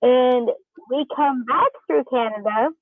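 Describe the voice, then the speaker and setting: Gravelly woman on a tinny line. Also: high voice, slow pace, no room sound. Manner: teasing, laughs often. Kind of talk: casual chat.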